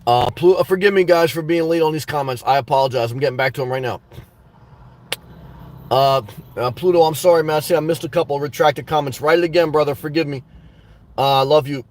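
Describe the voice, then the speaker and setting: Earnest rambling man, fairly high voice. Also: brisk, slight background noise. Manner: rambling, earnest, repeats words; addresses viewers as guys and man. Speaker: channel host reading live chat. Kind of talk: livestream chat.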